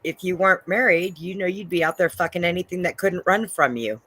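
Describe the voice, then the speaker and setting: A woman's voice: lowish voice, a little fast, fairly bright tone, husky. A woman co-hosting a podcast in casual banter, teasing and laughing often. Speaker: podcast co-host.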